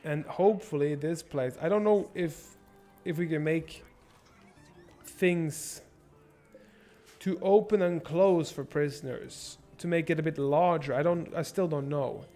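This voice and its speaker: A young man streaming a strategy game, swearing and thinking out loud as he plans and shops. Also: fairly high pitch, measured pace, faint music behind. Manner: profane, rambling, thinks out loud. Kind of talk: casual gameplay livestream commentary.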